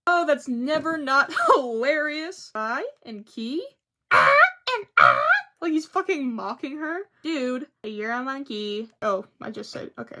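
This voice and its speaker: Young woman, fairly high voice, rambling casual vlog chat, swears a lot, self-mocking. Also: a little slow, hardly any pauses, sharp tone. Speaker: vlogger.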